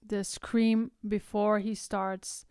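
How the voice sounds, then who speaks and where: A woman teaching singing, explaining technique and breaking into loud, high vocal exercises between her explanations. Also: flat delivery, slow pace, clear, resonant tone, dry recording, studio quality. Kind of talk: vocal tutorial with sung demonstrations.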